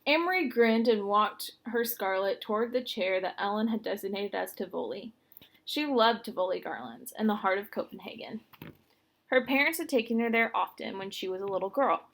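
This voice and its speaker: A woman reading a children's novel aloud with expressive narration. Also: mid-range voice, normal speed. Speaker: reader. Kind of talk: storybook read-aloud.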